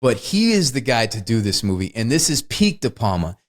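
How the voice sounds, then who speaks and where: A man co-hosting a podcast chats eagerly and casually about a film, slightly fast, his mid-range voice swinging widely in pitch. He often laughs as he tells stories.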